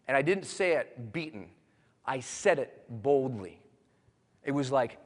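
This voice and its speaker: A man giving a live motivational speech to an audience, moving from quiet storytelling to loud, bold rallying calls. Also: mid-range voice, lively intonation, unhurried, long pauses. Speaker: motivational speaker. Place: large hall with an audience. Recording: long hall reverb.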